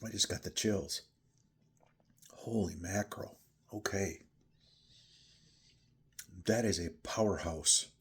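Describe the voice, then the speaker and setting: Man, low voice, husky, casual whiskey tasting, thinks out loud. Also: takes it slowly, pauses often. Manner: chatty, thinks aloud while tasting. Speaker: whiskey reviewer.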